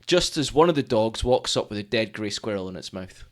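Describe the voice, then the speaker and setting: Animated man telling stories. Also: fairly low pitch, fairly quick. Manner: animated storyteller, acts out quoted people. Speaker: podcast co-host. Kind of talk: casual chat.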